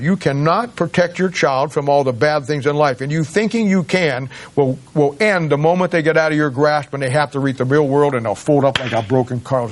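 A middle-aged man preaching a sermon to a congregation, halting with many restarts and rising to emphatic peaks. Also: on the high side. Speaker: pastor.

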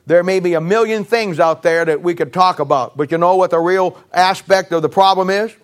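Male pastor, middle-aged, high-pitched voice, folksy emphatic sermon. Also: brisk.

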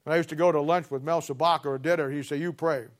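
A middle-aged male preacher delivering a blunt, confrontational sermon, swinging from loud declarations to low asides. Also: steady tone, racing. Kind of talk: fiery sermon.

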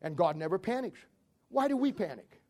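Folksy high-voiced male preacher. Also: big pitch swings, brisk. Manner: folksy storytelling, acts out dialogue, swings loud and soft. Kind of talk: sermon.

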